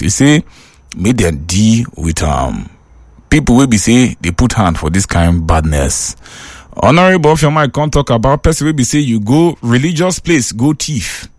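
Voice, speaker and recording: A man with a Nigerian accent hosting a call-in radio show, teasing and exclaiming in lively chat. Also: mid-range voice, normal speed, dry recording.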